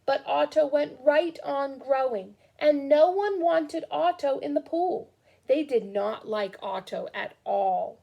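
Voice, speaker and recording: A woman reading a children's storybook aloud with expressive, slow storytelling. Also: high-pitched, creaky, highs cut off. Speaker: storybook reader.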